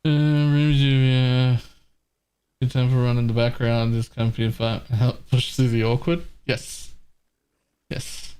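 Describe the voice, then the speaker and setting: A man's voice: mid-range voice, flat delivery, unhurried, dark tone, clean tone. A man streaming a game live, chatting casually with his viewers, laughing often and restarting his phrases.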